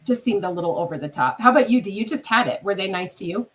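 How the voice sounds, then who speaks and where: A woman's voice: mid-range voice, fast, slightly rough, soft background music, rough recording. A woman hosting a casual podcast chat, telling stories animatedly and acting out what others said, with a cough from illness. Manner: animated storytelling, acting out quoted people. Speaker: podcast host.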